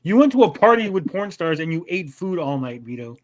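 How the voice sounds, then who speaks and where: Teasing male host with a lively, high voice. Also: fairly quick, crowd noise. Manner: teasing, wisecracking. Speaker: show host. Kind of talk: casual panel chat.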